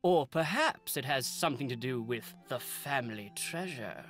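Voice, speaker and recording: A man's voice: mid-range voice, animated, normal speed, fairly bright tone, faint music behind, natural voice. An actor playing a formal, lecturing male historian in a video game, speaking. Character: pompous English male historian, scholarly. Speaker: researcher character.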